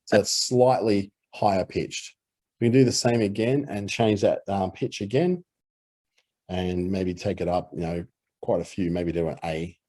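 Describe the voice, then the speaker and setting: A man with an Australian accent explaining audio editing in a relaxed screen-recorded tutorial, with easy fillers. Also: deep voice, a little slow.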